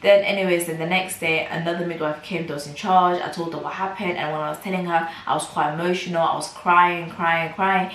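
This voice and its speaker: Young woman, lowish voice, emphatic storytime vlogger, recorded at a distance. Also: fairly even intonation, a little fast, few pauses, a bit bright. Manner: emphatic, repetitive retelling. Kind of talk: storytime vlog. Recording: roomy, from a distance.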